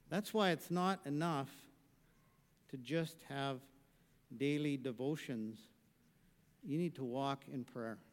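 A man preaching a sermon, swinging from hushed, low passages to loud, rising exhortation. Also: big-room sound. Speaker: pastor.

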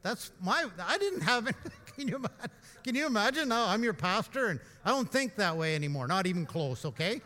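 A male pastor with a very high, bright voice, preaching a sermon in a casual, emphatic way. He leans on asides and rhetorical questions to keep it conversational. The sound carries the long reverb of a church hall. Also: sing-song, a little fast.

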